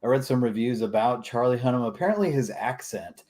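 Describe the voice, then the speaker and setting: Relaxed man in casual podcast chat. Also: medium pitch, brisk. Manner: relaxed, drawling, uses filler words. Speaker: podcast panelist. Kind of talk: casual chat about a film.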